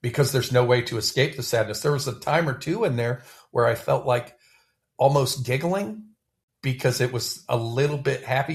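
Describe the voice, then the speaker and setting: Gravelly man chatting animatedly. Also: medium pitch, normal speed. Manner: animated, stammering restarts, chuckling. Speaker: poetry podcast host. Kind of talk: casual discussion of a poem.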